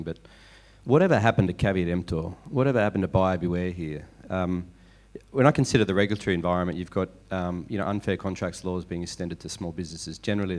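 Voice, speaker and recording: A man's voice: low voice, a little mellow. A man moderating a finance panel, posing questions to the speakers.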